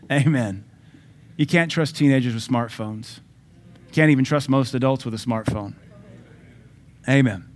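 Male pastor, sermon, emphatic preaching, mid-pitched voice. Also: slow, long pauses. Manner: emphatic preaching with sudden loud and soft swings.

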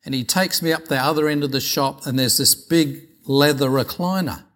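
A man's voice: a little high, normal speed. Chatty Australian man preaching. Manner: chatty anecdotal, animated retelling of dialogue. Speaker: pastor. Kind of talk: sermon storytelling.

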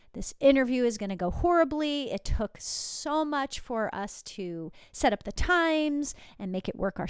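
A middle-aged woman from Southern California hosts her own podcast and tells a story in a chatty, animated way. Her voice is smooth and clear. The recording is close and dry on a desktop microphone. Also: medium pitch, no echo. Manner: chatty, animated, with asides and laughs. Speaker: podcast host. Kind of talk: casual storytelling monologue.

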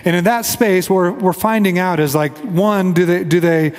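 A pastor from the Kansas City area preaches a conversational sermon and leads prayer in a church sanctuary. His voice is high-pitched at a moderate pace with a big-room sound, and he is earnest and acts out the voices he quotes.

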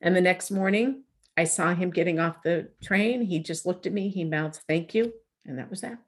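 A middle-aged woman telling a personal story in a conversational interview, lively and acting out the dialogue she quotes. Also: on the low side, normal speed, husky. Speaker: guest.

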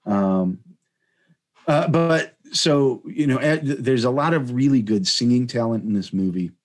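A man's voice: mid-range voice, expressive, unhurried. A man from Chicago hosting a casual podcast chat, rambling with many restarts. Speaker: podcast host.

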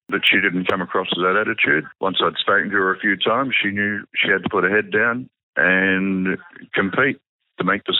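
A man with an Australian accent, a touch football coach, giving a measured, plain-spoken interview answer over the phone. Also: deep voice, no room sound. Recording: tinny phone line.

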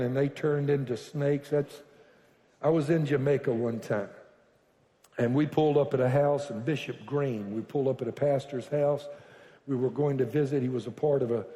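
A man preaching a sermon as pastor, telling stories with joking asides that build to loud bursts. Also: mid-range voice. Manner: animated storytelling with joking asides, bursts to shouting. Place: church sanctuary. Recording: echoey reverberant hall.

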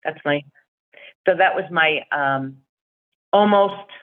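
A woman's voice: low voice, takes it slowly. A middle-aged woman in casual chat, telling a rambling fan story and acting out the voices of the people in it. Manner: chatty storyteller, acts out quoted voices. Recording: tinny phone line.

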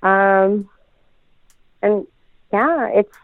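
A woman's voice: medium pitch, extremely slow, no room sound. A woman co-hosting a casual podcast, chatty and laughing, with many fillers. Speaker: podcast co-host, dental practice owner. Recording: tinny phone-like sound.

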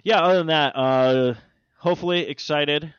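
A man's voice: a little high, moderate pace, clear, resonant tone, no echo, highs cut off. A man hosting a podcast in casual chat, rambling and swearing his way through everyday stories. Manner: rambling, profane storytelling. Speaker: podcast host.

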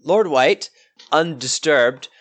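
A man narrating a tabletop game as game master, in a descriptive, measured way. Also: on the high side, fairly bright tone.

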